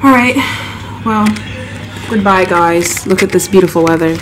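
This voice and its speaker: A woman's voice: fairly low pitch, moderate pace, music in the background. A young woman chatting casually in a travel vlog, scattered and sleep deprived, losing her train of thought. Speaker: travel vlogger. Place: indoors, room in Dublin. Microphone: handheld camera. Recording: noisy camera audio.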